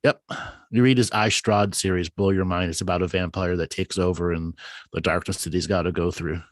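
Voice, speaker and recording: A man's voice: sits low, fairly even intonation, fairly quick, no room sound, studio quality. A man hosting a casual live call-in chat, rambling and enthusiastic, often restarting his words. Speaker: show host.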